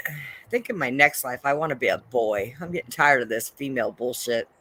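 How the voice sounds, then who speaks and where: A woman's voice: very deep voice, animated, a little fast, bright, forceful tone, a little hiss or hum. A woman co-hosting a podcast in casual banter, teasing and laughing often. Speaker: podcast co-host.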